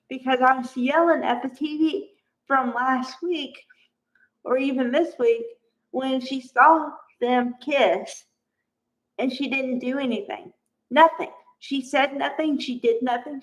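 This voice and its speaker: A middle-aged woman giving a casual, animated recap of soap episodes, exasperated and acting out the characters' lines. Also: high voice, slow. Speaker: soap opera recap host. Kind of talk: casual recap and opinion vlog. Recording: slightly dull lo-fi recording.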